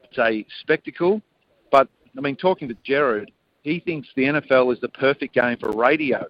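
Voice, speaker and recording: An Australian man, a former player turned commentator, speaking as a guest in a measured, thoughtful way. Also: medium pitch, no echo. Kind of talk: radio interview by phone. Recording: dull phone-line audio.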